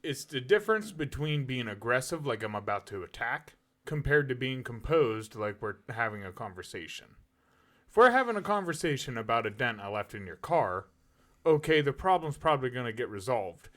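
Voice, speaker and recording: A man's voice: mid-range voice, sing-song, moderate pace, fairly bright tone. A man co-hosting a casual podcast chat, explaining his view step by step and pushing back in a debate. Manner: explains point by point, argumentative. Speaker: podcast co-host.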